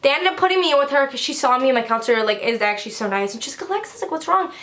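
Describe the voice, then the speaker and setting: High-pitched bright teen girl ranting. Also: rapid-fire. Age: teens. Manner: animated, profane, heated. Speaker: vlogger. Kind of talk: storytime rant.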